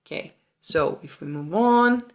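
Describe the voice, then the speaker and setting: A woman's voice: fairly low pitch, lively intonation, unhurried. A woman giving a patient play-along piano lesson at home, coaching with frequent "okay?" checks. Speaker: piano teacher. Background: piano playing.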